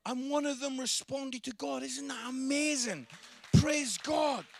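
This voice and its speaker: A man preaching a lively sermon, telling a story with humour and acting out the people in it. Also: very high voice, a little slow, creaky, a little hiss or hum. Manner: animated, humorous, acts out dialogue.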